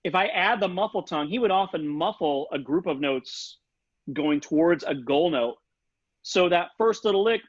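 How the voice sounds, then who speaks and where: Teaching saxophone online from a home setup, this man speaks at a normal pace in a slightly high voice with lively intonation. He chats casually and scats rhythms and articulations, with no room sound but dull, lo-fi video call audio.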